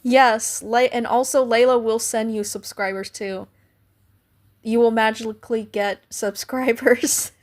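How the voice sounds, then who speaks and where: Young woman streamer, casual chatty host, a touch high-pitched, voice that cracks. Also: steady tone, unhurried. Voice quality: voice cracks now and then. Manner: chatty, thanks viewers by name, coos at her cat. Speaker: livestream host. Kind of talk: casual livestream chat.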